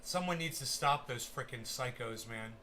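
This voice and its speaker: A young man hosting a crypto livestream, giving excitable, profane live market commentary straight to his viewers. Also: medium pitch, moderate pace, a little hiss or hum.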